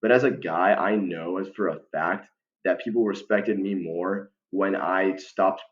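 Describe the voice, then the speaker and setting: A man's voice: low-pitched, steady tone, a little slow. A young man talking casually to the camera as a vlogger, rambling with lots of fillers and restarts and calling the listener "bro". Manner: slangy, many fillers and restarts, keeps saying "bro". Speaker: vlogger giving life advice. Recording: dull lo-fi recording.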